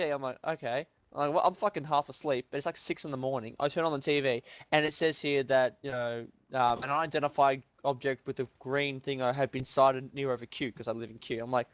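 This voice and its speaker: A young man telling an animated story in casual chat, swearing often and acting out what people said. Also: mid-range voice, fast, no echo. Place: home room.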